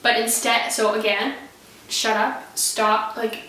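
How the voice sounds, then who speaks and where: A woman in her thirties casually talking about parenting to the camera, chatty and laughing often, getting lively when she quotes her kids. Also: fairly high pitch, slow. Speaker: parenting vlogger. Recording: echoey room, a little far from the mic.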